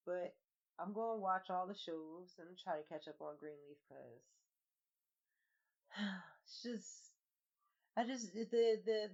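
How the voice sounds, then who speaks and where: A woman co-hosting a podcast in casual chat, loud and animated, swearing and acting out quotes. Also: on the low side. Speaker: podcast co-host. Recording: dull lo-fi podcast audio.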